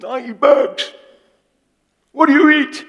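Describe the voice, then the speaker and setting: A man voicing a boastful male frog, slow and exaggerated, from a pulpit in a church hall with a long reverb. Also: very high-pitched, highs cut off, voice pushed up, heavily acted. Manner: exaggerated wide-mouthed delivery, slow and loud. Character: boastful wide-mouthed male frog, loud and chirpy.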